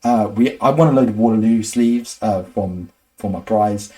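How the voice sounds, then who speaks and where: A young man hosting, chatting casually and rambling through a story, full of "like" and "sort of" and quick laughs. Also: lowish voice, warm tone, poor audio. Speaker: host.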